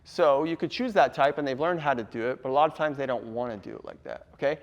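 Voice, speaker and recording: A man's voice: medium pitch, fast talker, dull audio. A man presenting a casual workshop to a live audience, laughing often and quizzing the room.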